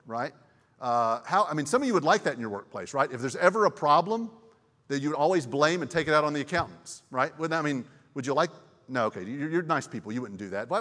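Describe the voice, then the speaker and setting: A man preaching a sermon in a relaxed, conversational way, with many fillers and restarts and frequent questions to his audience. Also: medium pitch. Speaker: pastor. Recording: long reverb of a large hall.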